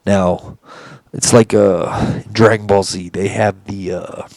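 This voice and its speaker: A man's voice: fairly low pitch, fairly even intonation, takes it slowly, a little mellow, dry recording. A man telling a story in a casual monologue, rambling and intense, swearing often. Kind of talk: casual monologue recounting an encounter.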